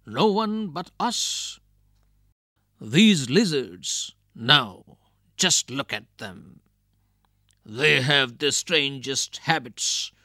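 A man's voice: medium pitch, pushed and bright, dry recording, studio quality, heavily acted. Makara, a man voicing a scheming crocodile chief. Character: scheming boastful male crocodile leader.

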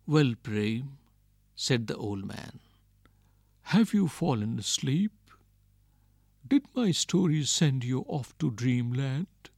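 A man reading the part of a kindly old grandfather who gently gives advice, in a storybook reading. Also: mid-range voice, animated, slow pace, gravelly, pauses often, no echo, studio quality, heavily acted. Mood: gentle.

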